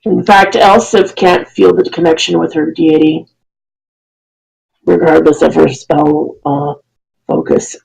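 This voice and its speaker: A dungeon master narrating a tabletop game, often pausing and correcting themselves mid-sentence. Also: mid-range voice, animated, creaky, a little mellow, husky, low-quality recording. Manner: halting, self-correcting narration.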